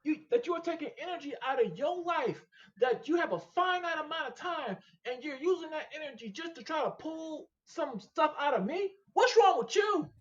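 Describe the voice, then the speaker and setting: Emphatic, animated man talking shop. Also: very high voice, normal speed, muffled recording. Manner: emphatic, animated and repetitive, preaching-like. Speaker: podcast guest, machine shop owner. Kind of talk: casual podcast interview.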